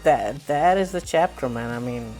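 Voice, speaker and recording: A man's voice: mid-range voice, expressive, moderate pace, darkish tone. A man casually reviewing a manga chapter, rambling with lots of fillers and frequent chuckles. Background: faint background music.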